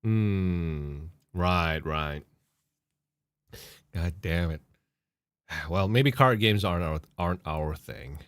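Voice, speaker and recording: A man co-hosting a podcast, telling a story in a casual, profane, animated way and laughing often. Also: low-pitched, slow, pauses often, clean tone, dry recording. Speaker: podcast co-host.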